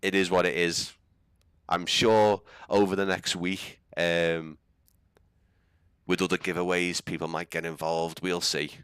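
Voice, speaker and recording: A man's voice: low voice, level tone, measured pace, a bit bright, clear, resonant tone, no room sound, studio quality. A young man with a Scouse accent, rambling and laughing as he chats through a live stream. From England. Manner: chatty, rambling, laughs often. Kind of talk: casual live-stream chat.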